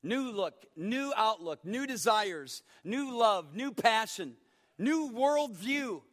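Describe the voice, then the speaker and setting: A middle-aged male pastor preaches with a high, emphatic voice. He swings from hushed, drawn-out lines to loud shouts. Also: animated. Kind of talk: sermon.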